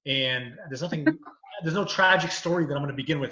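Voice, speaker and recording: Speaking a little fast with a forceful, bright tone at medium pitch, this man, a lawyer who also does comedy, wanders through anecdotes in easy conversation. Filler phrases like "you know" pile up, and the audio is echoey and low-fidelity.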